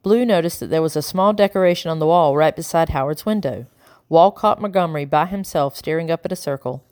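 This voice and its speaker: A woman narrating a children's novel in an even, measured reading voice. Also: deep voice, no echo. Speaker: audiobook narrator. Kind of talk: storybook narration.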